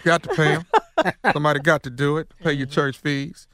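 A man's voice: fairly high pitch, steady tone, a little fast, bright, forceful tone. A man on a radio show, joking in a mock-preachy way and plugging his shows. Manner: comic, preachy, call-and-response. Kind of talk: casual radio banter, show plugs.

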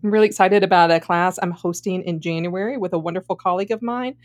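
A woman's voice: lowish voice, fast talker. A woman with a Southern US accent co-hosts a podcast in an upbeat, friendly way. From Deep South, US. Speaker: podcast co-host, author.

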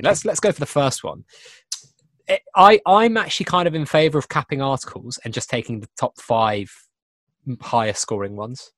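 A man's voice: mid-range voice, normal speed, a bit bright, dry recording. A young man hosting a casual podcast chat, talking in repeated, self-interrupting bursts. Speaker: podcast host. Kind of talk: casual chat over a video call.

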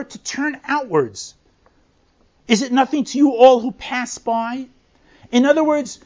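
A woman teaching a verse-by-verse Bible lesson. She reads Hebrew verses slowly, explains them in plain English and leads with rhetorical questions. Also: a little high. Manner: asks rhetorical questions to lead the listener. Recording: slightly muffled lo-fi recording.

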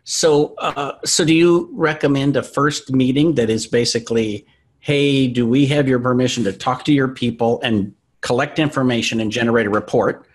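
Husky-voiced middle-aged male podcast host. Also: mid-range voice, steady tone, moderate pace. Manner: casual, agreeable, frequent restarts. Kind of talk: conversational interview.

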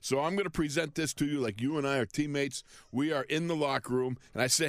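A man telling a story in animated chat, excitable, often laughing and repeating himself. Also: mid-range voice, fast, few pauses, no room sound.

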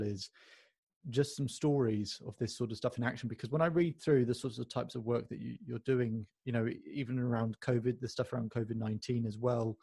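A man's voice: medium pitch, vocal fry, darkish tone, slightly rough, no room sound. A man hosting a podcast interview, asking long, enthusiastic, rambling questions with many restarts. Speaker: podcast host.

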